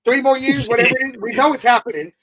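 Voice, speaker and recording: A man's voice: very high-pitched, fast talker, pushed and bright, poor audio. A man co-hosting a casual sports talk show, talking bluntly and swearing freely. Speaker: podcast co-host.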